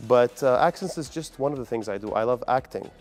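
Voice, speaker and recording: A man's voice: medium pitch, expressive, fairly quick, darkish tone, soft background music. Upbeat earnest male comedian. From United Arab Emirates. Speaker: comedian and guest. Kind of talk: interview answers.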